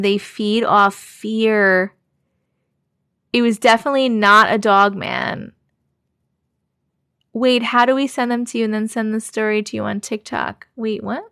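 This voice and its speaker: A woman's voice: fairly high pitch, unhurried, smooth, dry recording, studio quality. A woman hosting a live stream, reading viewers' scary stories aloud and reacting to chat. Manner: expressive, reacts with gasps and laughs between reading.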